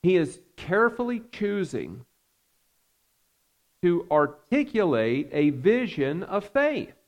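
A man preaching a sermon as pastor, earnest and measured, with frequent fillers. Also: sits high, sing-song, highs cut off.

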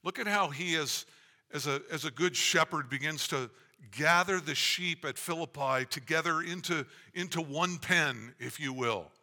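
A man preaching a sermon as pastor, speaking in an earnest, measured way, often restarting his phrases. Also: on the high side, sharp tone. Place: church sanctuary. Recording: long reverb of a church hall.

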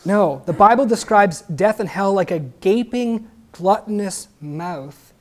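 A man's voice: sits high, takes it slowly, pauses often. A man preaching a sermon emphatically, asking the congregation questions and adding joking asides.

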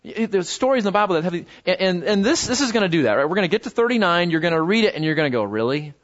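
A pastor preaching a sermon in a conversational way, with many fillers and repeated words, and sudden high jumps in pitch when he quotes someone. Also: lively intonation, racing, a bit bright, dull audio. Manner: voices biblical figures with sudden pitch jumps.

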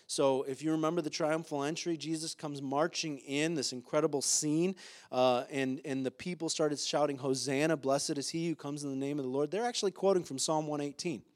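Guy preaching a sermon, pretty high voice, gets fired up and emphatic, lots of uh's. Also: fairly even intonation, brisk. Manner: impassioned, rising to emphatic peaks, with frequent "uh" fillers. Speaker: pastor.

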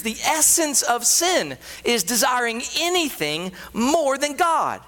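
A man preaching a sermon as a pastor, animated, with frequent rhetorical questions. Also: sits high. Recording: reverberant hall.

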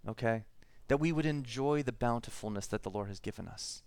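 A man's voice: medium pitch, brisk, hardly any pauses, darkish tone, dry recording. A male pastor preaching a sermon, reading prayer and scripture aloud in an earnest way, with frequent restarts.

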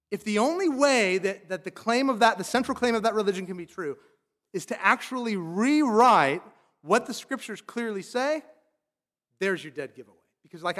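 A man's voice: high voice, fairly bright tone. A man preaching a sermon as a pastor, emphatic and loose, often saying "like".

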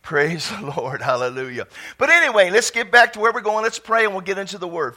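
A man preaching a sermon from a church pulpit, fervent and prone to sudden excited shouts. His voice sits high for a man. It has a bright, ringing edge. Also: a little fast. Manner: fervent, bursts into shouts and exclamations. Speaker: pastor.

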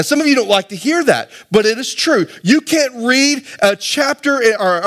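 A man's voice: high-pitched, a bit bright. A middle-aged man preaching a sermon to his congregation in a conversational way, asking them rhetorical questions. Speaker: pastor.

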